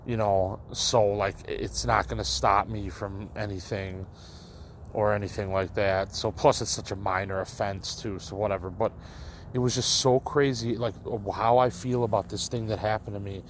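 A man's voice: fairly low pitch, fairly even intonation, moderate pace, a little hiss or hum. Rambling young man telling a story. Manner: rambling, full of likes and restarts. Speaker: storyteller addressing listeners. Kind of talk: casual storytelling monologue.

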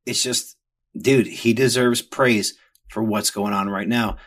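A man's voice: on the low side, steady tone, slow pace. A middle-aged man, hosting a podcast in a crude, joking, rambling casual rant. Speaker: podcast host.

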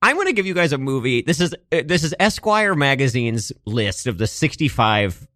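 A man's voice: medium pitch, very animated, moderate pace, sharp tone. A man hosting a casual radio-studio chat show, upbeat and leading segments. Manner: upbeat presenter, introducing segments. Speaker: host.

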